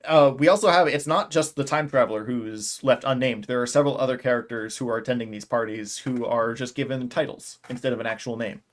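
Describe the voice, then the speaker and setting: A man in his thirties co-hosts a casual book club podcast. He speaks in a relaxed, wry way and keeps the talk on schedule. His voice has a plain middle pitch. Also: a little fast, few pauses. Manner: relaxed, wry, organizes the discussion. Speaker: podcast co-host.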